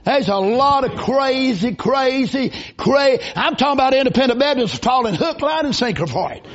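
A man preaching a revival sermon in church, folksy and rising into shouted bursts. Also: very high voice, animated, normal speed. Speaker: visiting preacher. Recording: dull lo-fi recording.

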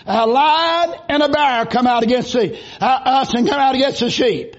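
Preacher guy, super high voice, folksy then yelling, muffled lo-fi church recording. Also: moderate pace. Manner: folksy, rising into shouted bursts. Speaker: visiting preacher. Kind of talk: revival sermon. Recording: dull lo-fi recording.

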